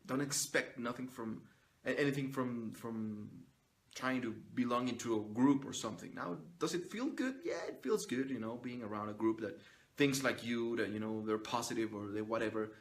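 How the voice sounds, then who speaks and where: At normal speed and mid-range pitch, a man talks straight to his own camera or phone in a blunt motivational monologue. He cusses freely and pushes his viewers to rely on themselves.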